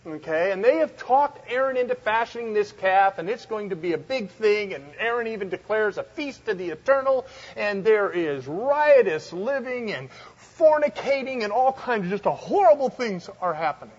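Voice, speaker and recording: A man's voice: high voice, expressive, normal speed, hardly any pauses, husky. A man teaching a Bible study, reading scripture aloud with dramatic emphasis and explaining it in a conversational way. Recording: dull lo-fi recording.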